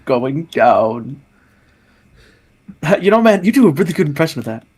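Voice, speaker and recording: A man's voice: high voice, sing-song, very fast, darkish tone, breathy edge. Giggly, rambling male podcaster. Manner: giggly, rambling, stammering restarts. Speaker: podcast co-host. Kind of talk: casual chat.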